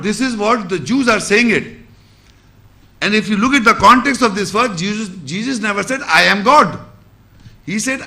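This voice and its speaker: A man with a high, lively, sharp-toned voice delivers an Islamic religious lecture. He explains scripture using repeated phrases and rhetorical questions, reciting Arabic verses quickly.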